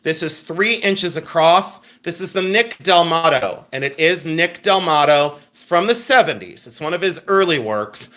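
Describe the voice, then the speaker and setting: A middle-aged man hosting a live-stream sale, reading out viewer names and orders and making quick asides to his helpers. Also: fairly high pitch, animated, pushed and bright. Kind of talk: live-stream selling chat.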